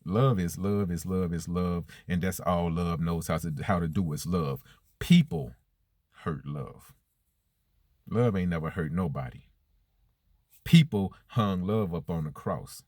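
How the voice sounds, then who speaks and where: A man's voice: low voice, unhurried, darkish tone, no echo, clean studio sound. A man preaching about love and unity in plain, earnest talk, with speech, repetition and rhetorical questions. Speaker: motivational speaker. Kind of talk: spoken-word preaching monologue.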